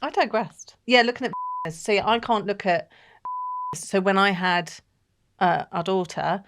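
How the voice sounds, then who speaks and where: A woman hosting a casual podcast chat, telling lively stories with laughter and acted-out quotes. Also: mid-range voice, slow, background noise. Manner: animated, laughing, acts out quoted voices. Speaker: podcast host.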